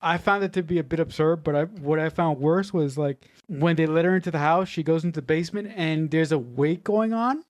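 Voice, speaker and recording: A woman co-hosting a casual movie review podcast, talking in halting restarts and swearing bluntly. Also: sits low, darkish tone. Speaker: podcast co-host.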